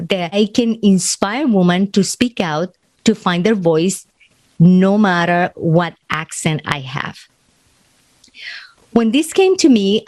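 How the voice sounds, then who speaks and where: A woman's voice: lowish voice, darkish tone, dry recording. Spanish-accented woman hosting a motivational podcast. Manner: earnest, encouraging, non-native grammar. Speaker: podcast host.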